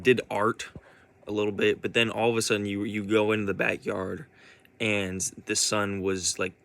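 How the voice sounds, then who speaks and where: A man's voice: on the low side, gravelly, sharp tone. A man giving a casual spoken monologue as a vlogger, rambling with many restarts.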